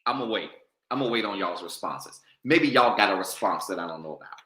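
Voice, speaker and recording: A man's voice: deep voice, expressive, fairly quick, pushed and bright, reverberant, a little hiss or hum. A man preaching a sermon, calling on his congregation to talk back to him. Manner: call-and-response preaching, goading the congregation. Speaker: pastor.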